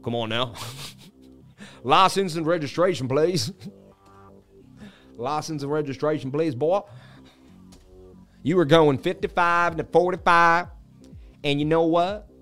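A man's voice: on the high side, slow, pauses often, a bit bright, faint music behind. A man voicing a mock-stern male traffic cop who is pulling someone over.

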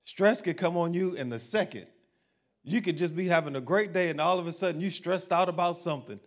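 Conversational preacher with a lively delivery. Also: male voice, high voice, fairly quick. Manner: conversational preacher, asking the crowd questions and acting out everyday voices. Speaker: pastor. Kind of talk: sermon.

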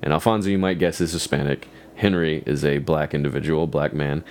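A man's voice: very deep voice, steady tone, a little fast, a little mellow, a little hiss or hum. A man hosting a podcast, telling a story in casual chat, swearing freely and laughing often. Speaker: podcast host.

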